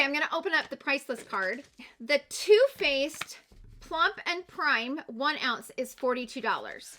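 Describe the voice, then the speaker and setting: A woman's voice: sits high, pushed and bright, slight background noise. A young adult woman, a beauty vlogger, chatting through a makeup unboxing and gushing with gasps and exclamations. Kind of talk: excited unboxing chat.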